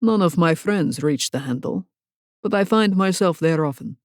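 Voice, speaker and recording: A woman voicing a terse, brooding foreign man, a hockey goalie, with a low, gruff voice, a foreign accent and blunt, oddly literal phrasing. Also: expressive, normal speed, darkish tone, no room sound, studio quality, lightly acted. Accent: foreign, non-American.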